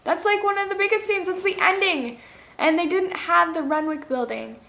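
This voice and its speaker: A woman's voice: very high-pitched, moderate pace, vocal fry, pushed and bright. A woman reviewing a movie in a casual vlog, chatty and full of "like" fillers, acting out her own reactions. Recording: echoey room.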